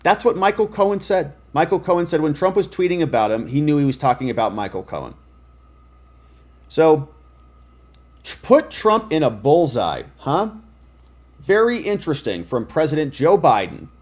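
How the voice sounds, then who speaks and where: A man doing live political commentary, sarcastic and excitable as he reads news items aloud. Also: a little high, normal speed.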